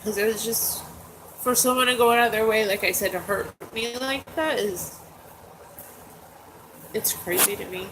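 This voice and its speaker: A woman's voice: medium pitch, moderate pace, long pauses, noisy background. A middle-aged woman telling a personal story in a casual vlog, rambling and upset and holding back tears. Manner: rambling, upset, with many asides and fillers. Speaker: vlogger. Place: her bedroom at home.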